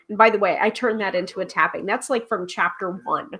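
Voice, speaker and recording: A woman's voice: medium pitch, brisk, few pauses, sharp tone, husky. Woman host for a casual home tarot stream, chatty and loose, lots of filler. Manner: chatty, many ums, reads viewer comments and book passages aloud. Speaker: tarot reader and livestream host. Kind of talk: casual livestream chat. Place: home livestream.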